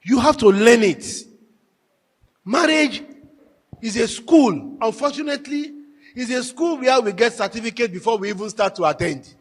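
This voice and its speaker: High-voiced man lecturing in an echoing hall. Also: normal speed. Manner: animated storyteller, emphatic repetition. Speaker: marriage workshop speaker. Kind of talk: lecture to a live audience. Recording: echoey hall with long reverb.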